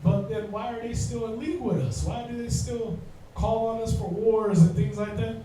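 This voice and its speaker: Brief: high-pitched male Bible class teacher, slangy and joking, miked from far off in a very echoey room. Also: fairly even intonation, normal speed, warm tone, slight background noise.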